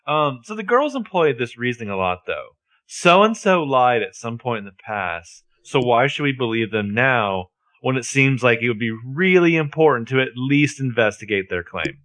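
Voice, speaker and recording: A man co-hosting a recap podcast, walking through the plot with sarcastic jabs. His pitch moves a lot, giving the talk a lively, sing-song lift. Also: normal speed. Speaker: podcast co-host. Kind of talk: casual recap chat.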